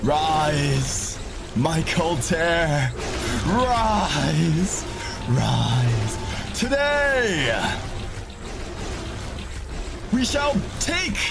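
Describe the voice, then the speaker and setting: A man putting on a slow, grandiose war leader. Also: fairly high pitch, very animated, gravelly, heavily acted. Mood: solemn. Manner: slow, solemn, theatrical proclamation. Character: grandiose male war leader rallying his troops. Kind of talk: mock rallying speech on a livestream. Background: loud music.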